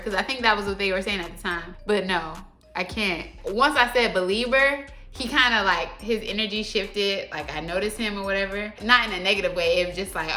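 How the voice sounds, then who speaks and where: A young adult woman tells a story to her audience in a chatty, slangy way. Her voice is bright and forward, at an ordinary pitch. She talks with animated, conversational energy. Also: normal speed, faint music behind. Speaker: vlogger. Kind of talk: casual storytime vlog.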